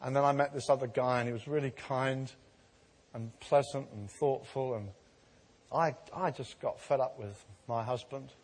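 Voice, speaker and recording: A man preaching a sermon, telling stories of healing and building to an emphatic, animated delivery. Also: medium pitch, moderate pace. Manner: storytelling, growing animated and emphatic. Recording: long reverb of a large hall.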